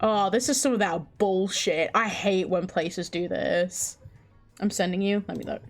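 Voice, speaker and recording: A woman's voice: mid-range voice, unhurried, soft background music. A woman livestreamer chatting casually, incredulous and chatty, swearing often. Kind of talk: casual stream chat.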